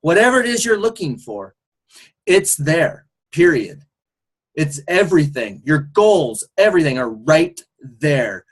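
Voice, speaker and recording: A man's voice: on the high side, sing-song, a little slow, breathy edge. A man hosting a group video call, talking in an enthusiastic, encouraging and rambling way as a coach. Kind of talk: casual motivational group call.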